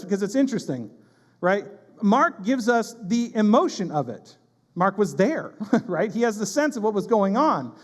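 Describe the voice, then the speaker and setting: Male pastor, high voice, animated sermon delivery, church hall reverb. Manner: animated, acts out panicked voices, quick asides. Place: church sanctuary.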